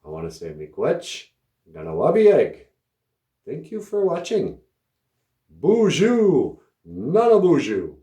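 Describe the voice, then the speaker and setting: Slow, laughing man telling stories. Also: mid-range voice, dark tone, echoey room. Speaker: host of language podcast. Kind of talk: casual storytelling lesson.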